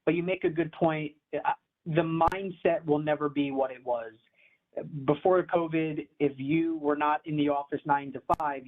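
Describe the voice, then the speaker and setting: A man speaking as a commercial real estate advisor in a conversational interview, talking in an animated, emphatic, easygoing way. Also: on the high side. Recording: tinny phone-like line.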